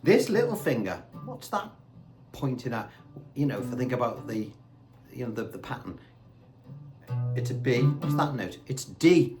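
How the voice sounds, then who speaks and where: A man's voice: mid-range voice, very animated, moderate pace, long pauses. A man giving a casual guitar lesson, talking in a chatty way and asking rhetorical questions. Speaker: guitar teacher. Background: faint guitar and backing tracks.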